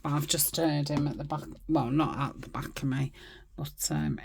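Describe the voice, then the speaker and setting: Middle-aged woman, low unhurried voice, rambling crafting chat with muttered asides, faint noise behind. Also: steady tone, vocal fry, darkish tone. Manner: rambling, chatty, murmurs asides to herself. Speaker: craft channel host. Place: home crafting desk.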